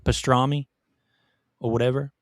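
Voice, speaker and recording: A man's voice: medium pitch, little pitch movement, moderate pace, dry recording, studio quality. A man co-hosting a podcast, ranting in casual chat with swearing and restarts. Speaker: podcast co-host.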